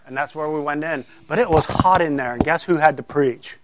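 A man's voice: on the high side, a little fast. A middle-aged man, a pastor telling a story to children and asking them questions as he goes. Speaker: pastor giving a children's sermon.

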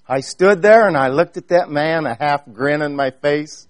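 A man with a high voice and an Amish accent preaches to his congregation. He tells his story earnestly and speaks to them directly. The recording is dry and close, with almost no room sound. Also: moderate pace, few pauses, no echo. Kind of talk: sermon.

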